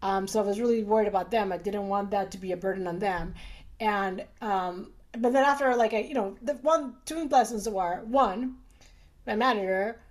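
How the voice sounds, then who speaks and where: A woman's voice: medium pitch, moderate pace. A middle-aged woman, a doctor, chatting casually and animatedly with many fillers. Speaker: urologist, guest. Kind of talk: casual conversation.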